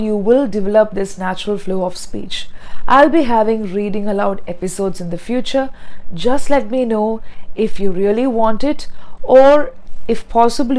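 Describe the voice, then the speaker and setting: A woman's voice: medium pitch, mellow, low-quality recording. Earnest pronunciation teacher, woman. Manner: earnest and explanatory, spelling out word sounds slowly. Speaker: English pronunciation trainer. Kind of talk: spoken teaching monologue.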